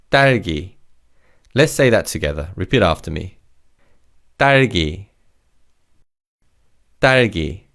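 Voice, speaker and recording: Male language tutor, lowish gravelly voice, upbeat and encouraging. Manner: encouraging, repeats each word slowly for learners. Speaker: Korean language teacher. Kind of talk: scripted language lesson.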